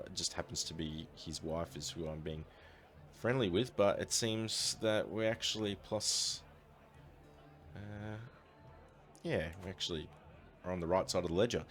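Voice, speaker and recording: Aussie guy with a deep voice, chatty let's play commentary, lots of ums. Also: animated, a little slow, a bit bright. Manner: thinks aloud, upbeat, with frequent fillers. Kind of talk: casual gameplay commentary.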